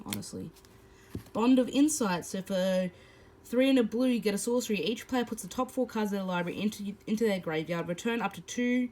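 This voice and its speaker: A woman's voice: medium pitch, darkish tone, poor audio. A woman hosting a card-opening video, reading card text and then chatting about each card, with some fillers. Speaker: host. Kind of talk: casual card-opening commentary.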